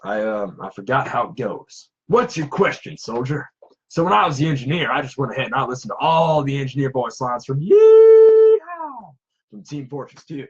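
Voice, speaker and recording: A husky male cosplayer rambles in a casual, self-deprecating way, his pitch swinging up and down a lot. The sound is dull and lo-fi. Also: wildly swooping pitch, moderate pace, a little mellow. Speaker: cosplayer and prop maker. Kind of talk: casual chat.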